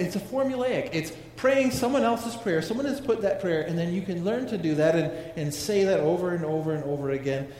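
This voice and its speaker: A man's voice: high-pitched, darkish tone, a little hiss or hum. A man preaching a sermon in a conversational way, asking his congregation questions as he goes. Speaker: pastor. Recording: echoey hall with long reverb.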